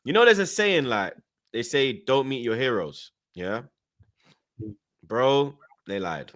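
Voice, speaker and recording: A young man hosts a casual fan stream and tells animated stories. His voice is bright and lively, jumping up and down, and he mimics other people as he goes. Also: mid-range voice, slow. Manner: animated storytelling with slang, laughing, mimicking voices. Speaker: fan channel host. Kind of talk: casual chat reading live chat.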